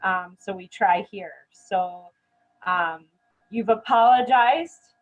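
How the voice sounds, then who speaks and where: A woman's voice: medium pitch, takes it slowly, dull audio. A middle-aged woman teaching dementia care in a live online session, earnest and chatty, checking in with "right?" often. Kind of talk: live-streamed training chat.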